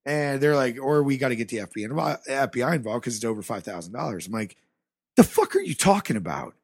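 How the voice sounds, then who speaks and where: A man from the American Rust Belt tells a story in a loose, casual way and swears freely. He acts out both sides of old conversations as he goes. His voice sits at an average pitch and is picked up on a close, dry mic. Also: fast, no echo. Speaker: podcast guest.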